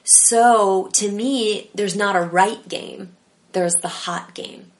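A woman talking casually as an interview guest about improv, animated and rambling with lots of fillers. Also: mid-range voice, takes it slowly.

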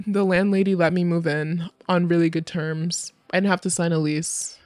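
A woman's voice: lowish voice, fairly even intonation, moderate pace, a little mellow, no room sound, soft background music. A young woman frankly telling her own story in casual, candid speech, full of fillers and swearing.

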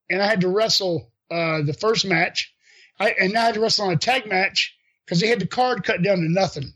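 An older man with a notably high voice spins casual stories from his wrestling days. He jumps into quoted dialogue, chuckles along the way, and keeps the telling animated and unpolished. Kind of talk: casual storytelling.

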